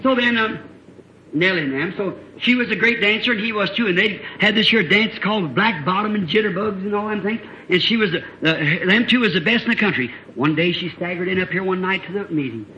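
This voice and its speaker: A man preacher telling a story in a folksy, plain-spoken sermon that builds to shouts, on a dull lo-fi old tape. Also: high-pitched, brisk, slight background noise.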